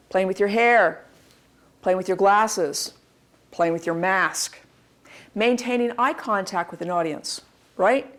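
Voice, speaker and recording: A woman in her forties giving a recorded course lecture, lively and demonstrative. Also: medium pitch. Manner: lively, demonstrative, acts out examples in varied voices. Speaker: instructor.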